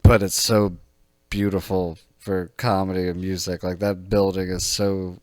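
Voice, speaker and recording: A man with a Southern American accent co-hosting a comedy podcast in casual, animated chat, often laughing and mimicking people. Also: low-pitched, unhurried, no room sound, clean studio sound. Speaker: podcast co-host.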